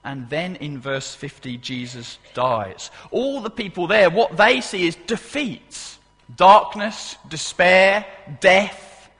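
Emphatic preacher in a reverberant hall. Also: male voice, a little high, unhurried, gravelly, hardly any pauses, a bit bright, slightly rough. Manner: emphatic, repeats key phrases, asks the congregation questions. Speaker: pastor. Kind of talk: sermon. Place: church service.

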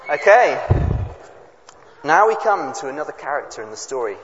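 A man at a family service, reading a Bible story aloud and explaining it to the children in a chatty way, with quick asides to the audience. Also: fairly high pitch, very animated, fairly bright tone. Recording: echoey hall, dull lo-fi sound, faint noise.

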